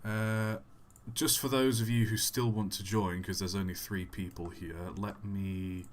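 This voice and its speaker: Young male streamer, lowish voice, casual rambling chat with sudden excited outbursts. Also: measured pace, slight background noise. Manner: rambling, self-correcting, bursts into excited exclamations. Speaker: live streamer. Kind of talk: casual live-stream chat while gaming.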